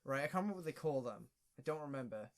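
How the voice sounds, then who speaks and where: A man's voice: mid-range voice, lively intonation, very fast. A young man telling a story on a casual podcast. His speech is loose and hesitant, and he stops and repeats himself often. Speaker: podcast co-host.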